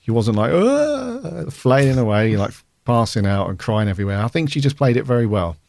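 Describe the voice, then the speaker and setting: A man's voice: fairly low pitch, quick pace, darkish tone, no echo, studio quality. A man co-hosting a podcast, chatting casually and telling stories with animation. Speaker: podcast co-host. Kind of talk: casual chat.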